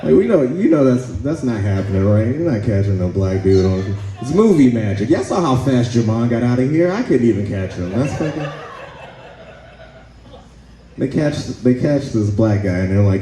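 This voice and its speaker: A man doing a stand-up comedy set in a club, laid-back and halting, often pausing with "uh" and chuckling between lines. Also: medium pitch, expressive, mellow, reverberant, a little hiss or hum, low-quality recording. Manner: laid-back, halting, with frequent "uh" and "let's see".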